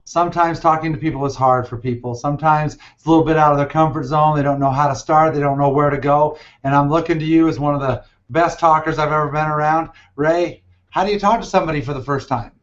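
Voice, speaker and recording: A man's voice: on the high side, steady tone, fast talker, few pauses, muffled recording. A man hosting an interview in an upbeat, casual way, sometimes stumbling over his words. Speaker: host.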